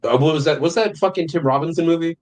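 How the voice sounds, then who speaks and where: Young male podcast co-host, animated, profane storyteller, slightly high voice. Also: fast talker, poor audio. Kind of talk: casual chat.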